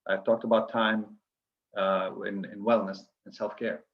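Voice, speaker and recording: A man's voice: fairly low pitch, flat delivery, measured pace, dull audio. A man giving an earnest coaching lecture to physicians, listing steps with frequent restarts.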